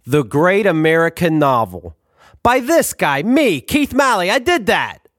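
A man's voice: high voice, huge pitch swings, unhurried, fairly bright tone, no echo, clean studio sound. A man reading his own book aloud in a sarcastic, ranting, profane way, throwing in asides to the listener.

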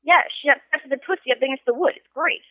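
A woman calling in to a talk show, telling excitable stories and swearing freely. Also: high-pitched, quick pace, no echo. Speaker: caller. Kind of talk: casual call-in chat. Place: on a phone call. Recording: tinny phone line.

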